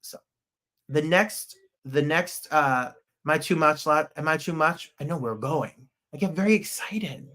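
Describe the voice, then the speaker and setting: A man hosting a podcast in casual, excitable, rambling livestream chat. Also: fairly high pitch, measured pace. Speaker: podcast host.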